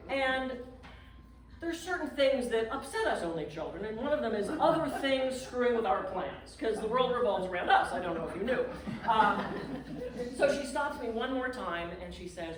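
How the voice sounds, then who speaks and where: A woman tells a story to a live audience, animated and self-mocking, with dramatic swings in her telling. She sounds distant from the mic, in a very echoey room with faint noise behind her. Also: a little high, a little slow. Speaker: guest speaker. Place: community clubhouse event room.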